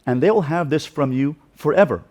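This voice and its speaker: A man's voice: a little high, animated, a little fast, dark tone. A man speaking as a rabbi in an inspirational talk, earnest and heartfelt, building emphatic repeated lists.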